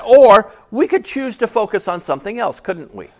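A man's voice: high voice, sing-song, fairly quick, gravelly. A man preaching a casual sermon to a small church, chatty and joking, asking the congregation questions. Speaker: pastor.

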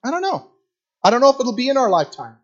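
A man's voice: extremely high pitch, wildly swooping pitch, fast, dull audio. A middle-aged man preaching a sermon in a conversational, storytelling way, repeating phrases for emphasis. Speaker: guest preacher for a youth ministry.

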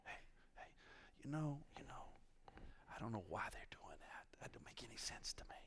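A man in a whispered role-play of a grumbling churchgoer, muttering hushed, conspiratorial complaints. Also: medium pitch, very animated, normal speed, lightly acted.

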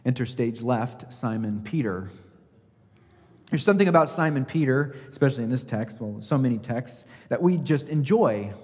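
A man's voice: mid-range voice, expressive, normal speed, a little mellow. A male pastor delivers a sermon with emphasis, pressing rhetorical questions on his congregation and acting out the lines of scripture. His mid-range voice carries a long reverb from a large sanctuary.

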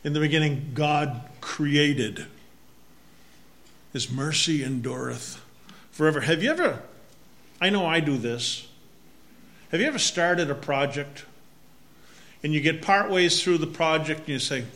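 A man's voice: fairly high pitch, animated, a little slow, long pauses, fairly bright tone. A man with a Massachusetts accent preaching a sermon, reading scripture refrains and talking in a conversational way. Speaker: pastor.

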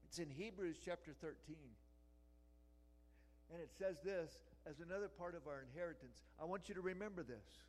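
A man preaching a sermon as pastor to a congregation in a church, emphatic, building to loud repeated cries and dropping into quiet prayer. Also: on the high side, moderate pace, a little hiss or hum, poor audio.

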